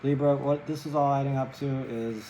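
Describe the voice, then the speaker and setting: A man's voice: medium pitch, steady tone, normal speed, mellow, roomy sound, a little hiss or hum, poor audio. A man giving a casual tarot reading to camera, chatty, often asking "right?" and apologizing for cursing. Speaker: tarot reader.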